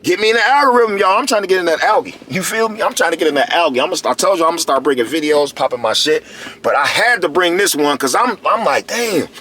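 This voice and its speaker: Animated, high-pitched man ranting to camera. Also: quick pace. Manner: animated, slangy, repeats himself and calls to viewers. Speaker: video commentator. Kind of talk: casual commentary monologue.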